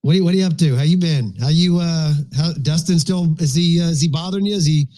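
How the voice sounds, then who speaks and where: Brief: host in his fifties, mellow and warm, animated rambling talk, slightly high pitch. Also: quick pace. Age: 50s. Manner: rambling, animated, frequent profanity. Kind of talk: casual live audio chat.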